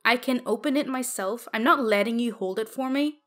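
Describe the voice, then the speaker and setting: A woman's voice: fairly high pitch, a little fast, soft background music, close to an everyday voice. A woman voicing an indignant young female student who snaps defensively. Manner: sharp, defensive.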